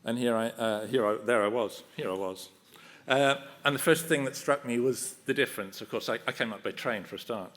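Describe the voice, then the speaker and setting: A man's voice: medium pitch, brisk, hardly any pauses, fairly bright tone, a little hiss or hum. Older man giving a wry acceptance speech. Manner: self-deprecating, humorous and anecdotal, with light laughs. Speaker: honorary award recipient. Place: ceremony hall.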